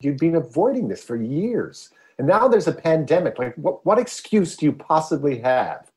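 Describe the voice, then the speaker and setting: A man's voice: on the high side, sing-song, moderate pace, a little mellow. A man with a Newfoundland accent, a guest in a casual chat, teasing and dry.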